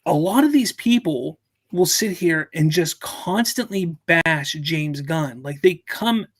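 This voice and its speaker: A man hosting a casual live stream, his voice pitched a little high. He rambles in an animated way and circles back over his own words. The sound is dry and close. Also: takes it slowly, no room sound. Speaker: host.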